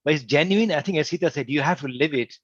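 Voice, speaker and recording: A man on a livestream panel telling anecdotes, animated and acting out the quotes in his stories. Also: fairly high pitch, fast, breathy edge, no echo, highs cut off. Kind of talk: anecdotal storytelling in discussion.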